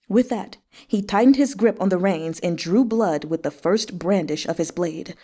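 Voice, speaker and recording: A woman reading a novel aloud with expressive narration and emotional asides. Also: medium pitch. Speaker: audiobook reader. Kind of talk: read-along narration with asides.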